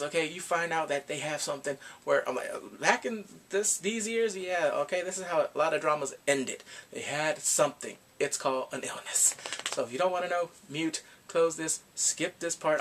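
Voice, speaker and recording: A young man casually recapping a drama in an animated, dramatic way, full of exclamations. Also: fairly high pitch. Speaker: drama reviewer.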